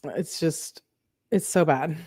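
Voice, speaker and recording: A woman's voice: deep voice, slow, darkish tone, slightly rough, no echo. A woman who runs a true crime channel, reading a couple's text messages aloud and breaking in with sarcastic, laughing asides.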